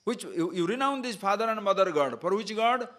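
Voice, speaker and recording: Man teaching with a lively, rising-and-falling voice. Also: high-pitched, brisk. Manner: earnest, urging listeners with repeated "listen carefully"; explains by building lists. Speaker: spiritual teacher. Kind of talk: spiritual lecture on scripture.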